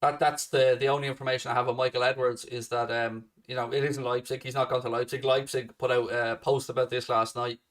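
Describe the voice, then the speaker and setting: Male host, mid pitch, blunt sweary chat answering questions, recorded a little off-mic. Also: flat delivery, brisk, hardly any pauses, fairly bright tone, recorded from a distance. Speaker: fan channel host. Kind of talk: casual live Q&A chat.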